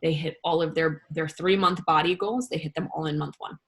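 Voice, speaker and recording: A woman talking as an interview guest, rambling and animated, with many fillers and restarts. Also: low-pitched, fairly quick, breathy edge. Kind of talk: casual interview chat.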